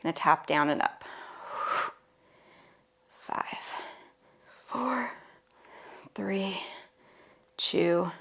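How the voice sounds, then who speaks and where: A woman's voice: on the low side, expressive, very slow, gravelly, pauses often, fairly bright tone, slightly rough. A woman teaching a Pilates mat workout, cueing the moves casually and playfully while she does them herself. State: out of breath at times. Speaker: Pilates instructor. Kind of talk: guided workout instruction.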